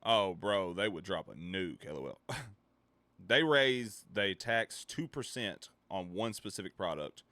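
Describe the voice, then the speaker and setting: Ranting man streamer with a bright, dry sound. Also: deep voice, unhurried, no echo. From United States. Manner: animated, swearing, laughing asides. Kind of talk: casual ranting chat.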